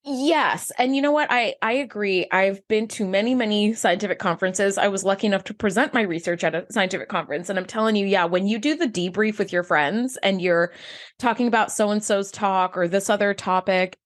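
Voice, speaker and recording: A woman who is a teacher, co-hosting a podcast and recapping scenes with lively storytelling. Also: medium pitch, a little fast. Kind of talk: casual chat.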